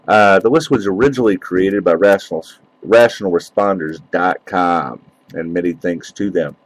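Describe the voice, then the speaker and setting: A man's voice: low-pitched, normal speed, no echo, low-quality recording. A man hosting a solo podcast, talking in a loose, rambling way that is profane and mocking. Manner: loose and rambling with many fillers. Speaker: podcast host. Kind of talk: casual solo podcast rant.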